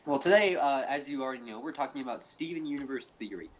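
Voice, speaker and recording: A man's voice: mid-range voice, expressive, fast talker, a little hiss or hum, poor audio. Rambling man giving a mock-serious theory. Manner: rambling, full of fillers and restarts. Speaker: host. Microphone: call recording.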